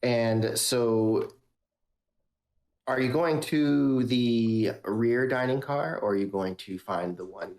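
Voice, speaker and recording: A man running a tabletop game as game master, relaxed, with lots of fillers. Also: medium pitch, takes it slowly.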